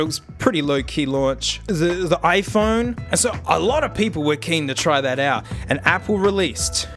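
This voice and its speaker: Excitable jokey Australian man. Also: high-pitched. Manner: excitable, jokey, swings loud and soft. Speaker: tech vlogger. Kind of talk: casual chat.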